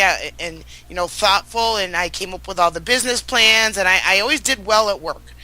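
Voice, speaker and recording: Middle-aged woman, very bright voice, earnest emotional storytelling, stumbles and restarts. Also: mid-range voice, low-quality recording. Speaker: guest. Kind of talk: personal storytelling.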